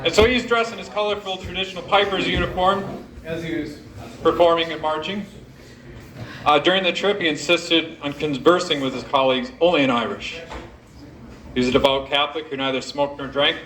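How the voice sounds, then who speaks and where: A man with a fairly high voice tells a history story to a crowd in a pub function room. His delivery is loose and joking, and the sound is echoey with a faint hum underneath. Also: fairly even intonation, brisk, a bit bright. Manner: jokey, directs audience volunteers. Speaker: event speaker. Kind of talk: informal historical talk to a live audience.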